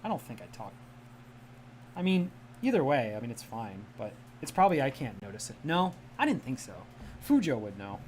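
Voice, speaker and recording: A man's voice: medium pitch, big pitch swings, moderate pace, a little hiss or hum. A man from the Midwest chatting casually on a livestream, enunciating carefully in a polished media-style voice. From American Midwest. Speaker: livestream host. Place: home room with a cat.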